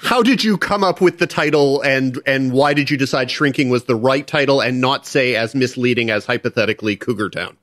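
A man hosting a podcast, asking deadpan, joking questions. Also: mid-range voice, fairly quick, few pauses, no room sound, studio quality. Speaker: podcast host.

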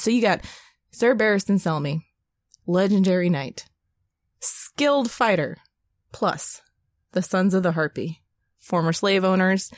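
A slightly tipsy woman co-hosting a casual chat podcast, animated, laughing and swearing freely. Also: fairly low pitch, no echo. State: a little tipsy. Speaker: podcast co-host.

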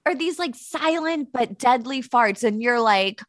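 A woman trades blunt, profane banter and laughs easily. Her voice sits a little high and swings with lively pitch. The recording is dry and close. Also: no room sound. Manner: blunt, swears freely, quick to laugh. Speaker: podcast co-host. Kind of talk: casual comedic chat.

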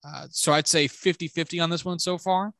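Man, sports podcast co-host, crisp bright tone, dry close sound, chatty. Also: a little high, fairly even intonation, a little fast, no echo. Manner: chatty, self-deprecating, joking trash talk. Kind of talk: casual sports chat.

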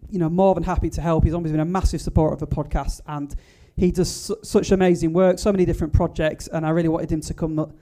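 A man's voice: fairly high pitch, fairly even intonation, fast talker, few pauses, mellow. A man hosting a live podcast event before an audience, chatty and loose, with frequent fillers and restarts. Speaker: podcast host.

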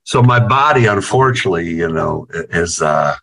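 A man with a fairly low voice spins loose, rambling stories on a video call, peppering every sentence with swearing and "you know." He sounds like a band guitarist chatting casually with an interviewer rather than giving polished answers. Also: expressive, normal speed, a bit bright.

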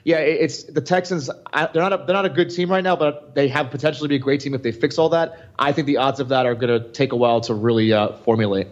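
A man co-hosts a fantasy football podcast, talking quickly and rambling, often restarting his sentences. His audio sounds a little dull and muffled. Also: medium pitch, steady tone. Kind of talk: casual sports chat.

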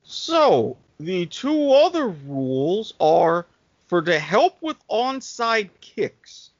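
Man, high voice, halting delivery, fillers, dull dry podcast sound. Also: sing-song, no room sound. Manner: halting, thinks aloud with fillers. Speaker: co-host. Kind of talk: casual sports podcast chat.

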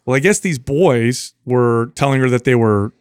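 A middle-aged man hosting a podcast, telling stories in a casual, animated way and acting out the people he quotes. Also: mid-range voice, normal speed, smooth, no echo, clean studio sound. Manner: animated, acts out quoted voices. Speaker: podcast host, trainer. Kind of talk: casual storytelling.

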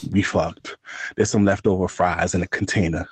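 A man's voice: sits low, steady tone, moderate pace, slightly rough, dry recording. A man co-hosting a podcast, joking crudely in casual chat and laughing often. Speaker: podcast co-host.

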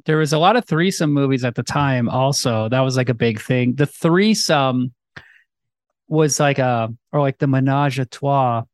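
A man's voice: medium pitch, normal speed, no echo. A young man co-hosting a casual movie review chat, rambling with lots of fillers and film references. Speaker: podcast co-host.

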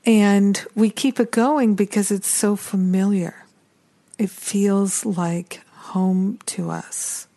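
A woman hosting a spiritual talk show, speaking gently and repetitively, with some passages like a prayer. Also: mid-range voice, steady tone, slow. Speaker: spiritual teacher and podcast host.

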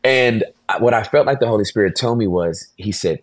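Deep-voiced man telling a vivid story. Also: fairly quick, hardly any pauses, dry recording. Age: 40s. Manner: animated storyteller, acts out voices, laughs often. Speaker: pastor, podcast guest. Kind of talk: storytelling in a podcast interview.

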